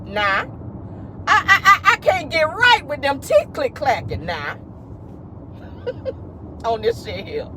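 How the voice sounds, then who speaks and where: A man hosts a casual celebrity gossip vlog from his car, talking with playful sass and frequent laughter. His pitch leaps and dives expressively. Faint noise from the car hums in the background. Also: huge pitch swings, takes it slowly, pauses often. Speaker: host.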